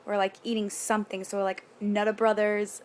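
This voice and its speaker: A young woman from New York talking candidly in a casual vlog, rambling with quick nervous asides and casual swearing. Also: medium pitch, flat delivery, darkish tone. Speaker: vlogger. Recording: faint background noise.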